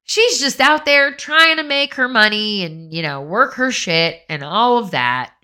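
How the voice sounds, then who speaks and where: A woman's voice: a little high, unhurried. A woman co-hosting a podcast, talking in a frank, profane, casual way and acting out how she would reply to people. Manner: blunt, profane, animated, acts out quoted voices. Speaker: podcast co-host.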